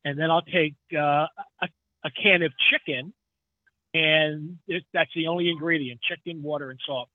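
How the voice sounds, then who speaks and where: A man talks in a loose, rambling way, laughing often as he goes. His voice sits a little high. The line is thin and tinny like a phone call, with no room sound. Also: fairly even intonation, moderate pace, no room sound. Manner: rambling, chatty, laughs easily. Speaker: guest truck driver. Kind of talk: casual podcast chat.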